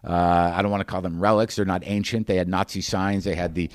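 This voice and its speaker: Incredulous low-voiced man telling a story. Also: steady tone, no room sound, studio quality. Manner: rambling, incredulous, quick restarts. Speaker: podcast host. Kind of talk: comic storytelling monologue.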